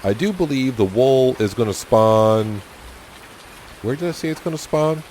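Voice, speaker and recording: A man hosting a casual let's-play, talking through his farm chores in an easygoing, self-deprecating way and thinking out loud. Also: mid-range voice, animated, a little slow, a little hiss or hum. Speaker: gaming channel host.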